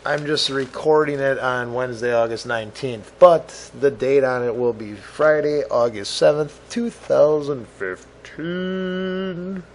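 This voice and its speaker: A man's voice: medium pitch, unhurried, few pauses, a little hiss or hum. A man hosting his own podcast alone. He rambles loosely and swears a lot, jokes at his own expense, and says he is in a grumpy mood. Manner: loose, profane, self-mocking, jumps between topics. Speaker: podcast host. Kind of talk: rambling solo podcast monologue.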